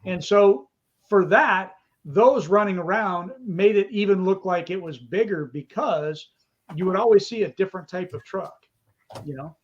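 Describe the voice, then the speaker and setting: A man with a fairly high voice explains things step by step in a relaxed live chat. His audio comes through a dull, lo-fi video call line. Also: measured pace. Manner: explanatory, walks through pictures on screen. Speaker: co-host.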